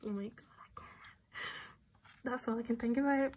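A young adult woman vlogger chatting casually and excitedly through an unboxing, nervous and swearing freely. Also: fairly high pitch, a little fast, a little hiss or hum.

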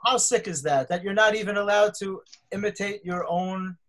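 A man's voice: high voice, normal speed, a bit bright. A man on a casual comedy panel, speaking bluntly and emphatically with swearing.

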